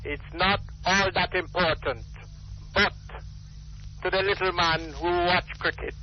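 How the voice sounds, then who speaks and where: An older Jamaican man talks through a radio call-in line, his voice pitched high and his speech emphatic and rambling. He repeats himself as he presses his points. The line is muffled, with a faint hiss underneath. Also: steady tone, measured pace. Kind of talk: impassioned call-in talk.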